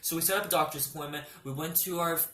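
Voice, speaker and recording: Man, casual storytelling, animated, swearing, roomy echo. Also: fairly high pitch, fast. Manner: animated, swearing, laughing outbursts.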